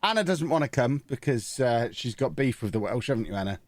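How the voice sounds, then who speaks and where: A man's voice: mid-range voice, lively intonation, a little fast, dry recording. A man hosting a casual podcast, teasing his co-hosts with dry, joking remarks. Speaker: podcast host.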